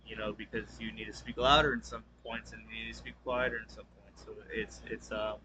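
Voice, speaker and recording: A man's voice: on the low side, flat delivery, background noise. Young man rambling through a class summary. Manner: rambling, many fillers and restarts; talks fast, by his own account. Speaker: student presenting a class assignment. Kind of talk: casual spoken summary.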